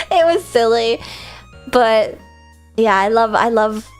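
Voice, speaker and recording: A woman's voice: fairly high pitch, lively intonation, takes it slowly, faint music behind. A woman hosting a casual live-stream Q&A, chatty and rambling, with a self-deprecating streak.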